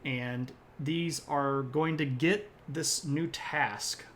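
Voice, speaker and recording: A man's voice: on the high side, fairly even intonation, drawn-out words, a bit bright, slight background noise. A man lecturing on history during a live stream, rambling a little, correcting himself and tossing in joking asides.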